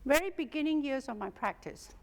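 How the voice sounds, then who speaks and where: A woman's voice: sits high, fairly quick. Middle-aged woman teaching hypnotherapy, storytelling, laughs a lot, echoey hall sound. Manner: lively anecdotal storyteller, laughs often. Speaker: hypnotherapy instructor. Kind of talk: storytelling lecture to a class. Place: teaching room with an audience. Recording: long hall reverb.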